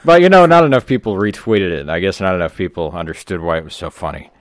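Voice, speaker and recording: Comedy podcast co-host, deep-voiced man, dry and deadpan, rambling tales. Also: fast talker, no room sound. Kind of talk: casual comedy podcast chat.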